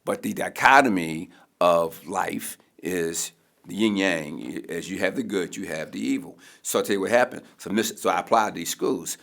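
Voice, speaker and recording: A man's voice: sits low, normal speed, creaky, a bit bright. A middle-aged man from Baltimore, a mayoral candidate, telling a personal story emphatically in a preacherly way and often restarting his words. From Baltimore, USA.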